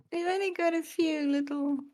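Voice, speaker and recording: A woman playing a game with her brother, chatting casually and giggling often. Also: high voice. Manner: giggly, soft-spoken. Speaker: co-player, streamer's sister. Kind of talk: casual gameplay chat.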